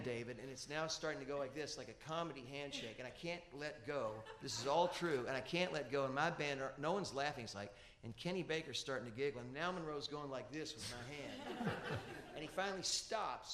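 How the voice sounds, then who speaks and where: A man from Kentucky, a musician telling animated stories on stage in front of an audience. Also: medium pitch, heavy background noise. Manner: animated anecdotal storyteller. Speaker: musician and guest. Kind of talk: storytelling on a conference stage. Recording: echoey room.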